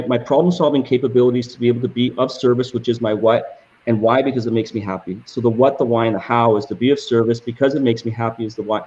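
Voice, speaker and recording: A man's voice: medium pitch, darkish tone. A man speaks as an interview guest, earnest and passionate. He often restarts his sentences and repeats words. His mid-range voice comes through a dull, lo-fi recording. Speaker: guest entrepreneur. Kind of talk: reflective interview answers.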